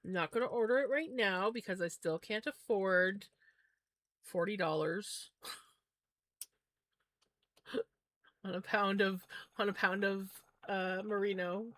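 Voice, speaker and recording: A woman's voice: mid-range voice, takes it slowly, long pauses, a bit bright. Chatty woman streaming while spinning yarn. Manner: chatty, rambling, laughs easily. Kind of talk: casual chat.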